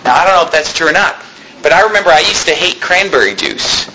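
Preacher guy, high sharp voice, chatty sermon w/ little jokes and chuckles. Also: sing-song, fast, a little hiss or hum, poor audio. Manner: conversational preaching with humorous asides and chuckles. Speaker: pastor. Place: church hall.

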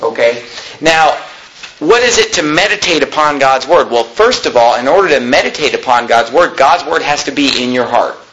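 A middle-aged man preaching a sermon as a pastor, emphatic and slowing down to stress key phrases. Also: medium pitch, animated, fairly bright tone, dull audio.

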